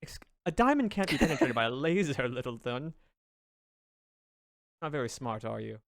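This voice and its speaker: A man's voice: on the high side, big pitch swings, no room sound, studio quality. A man playing a condescending bad liar. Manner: slow, deliberately bad lying. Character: human woman prisoner, bad liar, condescending.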